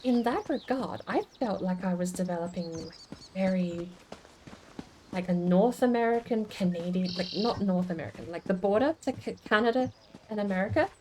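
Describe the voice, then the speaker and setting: A woman's voice: medium pitch, moderate pace, a little mellow, a little hiss or hum. A woman streamer in casual chat, musing aloud and answering chat comments as she goes. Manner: chatty and musing, with many restarts.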